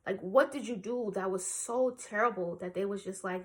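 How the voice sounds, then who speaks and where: A woman's voice: medium pitch, normal speed, slight background noise. A woman in her twenties speaks straight to her viewers in a candid personal story. She is blunt and openly emotional, and she swears casually as she talks. Her voice sits in a mid range. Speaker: vlogger.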